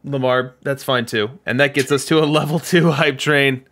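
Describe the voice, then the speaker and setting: A man's voice: mid-range voice, steady tone, moderate pace, a bit bright. A man hosting a live stream, chatting casually and thanking viewers for their subscriptions. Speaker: stream host.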